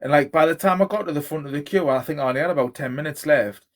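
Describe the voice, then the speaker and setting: A man's voice: on the high side, very fast. A man telling rambling, sweary anecdotes in a casual chat.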